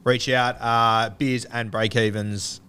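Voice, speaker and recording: A young Australian man trading casual podcast banter in a mid-pitched voice. His delivery is loose and joking, and he drops the odd swear word without a second thought. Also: flat delivery, slow, pushed and bright, clean tone. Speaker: podcast co-host.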